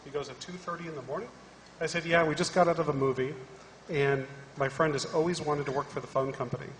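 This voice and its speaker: Animated man telling a story in an echoey hall. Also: on the high side, fast, slight background noise. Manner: animated storyteller acting out both sides of a dialogue. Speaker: panelist. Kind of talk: storytelling talk on a conference panel. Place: large conference hall.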